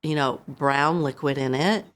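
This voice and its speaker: A middle-aged woman, a podcast guest, telling a painful personal story in a halting way, full of "you know" and re-enacted lines. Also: very deep voice. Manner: halting, full of you-knows, re-enacting her own words.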